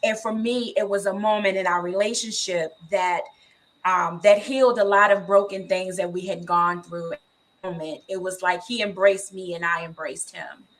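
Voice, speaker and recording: A woman's voice: mid-range voice, steady tone, normal speed. A woman co-hosting a faith talk show, telling a family story earnestly and with feeling. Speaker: co-host. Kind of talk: faith-based casual talk.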